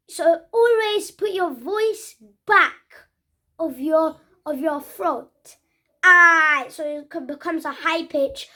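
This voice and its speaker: High-pitched English child teaching pronunciation. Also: female voice. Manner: repeats sounds slowly and earnestly, with restarts. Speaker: pronunciation trainer. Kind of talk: casual spoken lesson.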